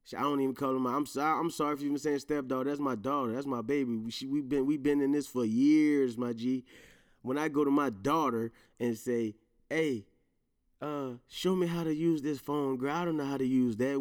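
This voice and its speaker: A male host in casual solo commentary whose voice sits at an ordinary middle pitch. He swears freely, laughs through his own rants and leans on slang. He keeps turning to his listeners with asides like "you feel me?". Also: steady tone, normal speed. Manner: profane, laughing, emphatic rants; slang-heavy, addresses listeners directly. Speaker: podcast host.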